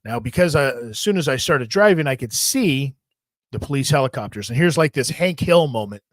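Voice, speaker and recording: A man's voice: medium pitch, brisk, dry recording. Profane storytelling man, dry close sound. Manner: rambling, profane, animated retelling. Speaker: podcast host. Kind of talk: casual storytelling.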